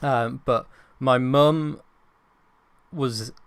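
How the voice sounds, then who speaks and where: Young bloke chatting on a podcast, bit of fry, dry close sound, swears a lot. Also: male voice, medium pitch, fairly even intonation, drawn-out words, dry recording. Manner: chatty, self-mocking, swears freely. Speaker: podcast co-host. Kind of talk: casual chat.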